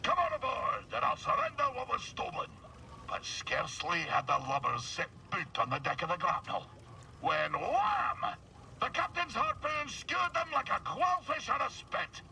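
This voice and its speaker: An actor playing a grizzled alien space pirate in a video game, spinning a theatrical yarn in a gruff seafaring drawl. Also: male voice, very high voice, huge pitch swings, moderate pace, sharp tone, full character voice. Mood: storytelling. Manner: theatrical storyteller, relishes gory boasts. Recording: distant game audio with faint hiss.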